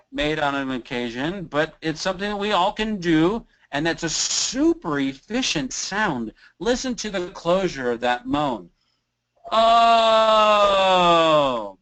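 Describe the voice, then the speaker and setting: A man's voice: on the high side, a bit bright, rough recording. A man from the Kansas City area, a voice teacher, talking casually in a webinar and showing vocal exercises by moaning, sighing and singing short bits. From Kansas City area, USA. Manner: casual, demonstrates moans, sighs and creaky sounds.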